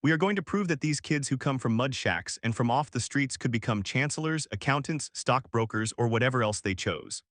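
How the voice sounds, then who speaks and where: A man's voice: medium pitch, animated, fairly quick, few pauses, a bit bright, no room sound, studio quality, close to an everyday voice. A man voicing a cheerful, determined male educator in an audiobook. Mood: passionate. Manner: cheerful, passionate.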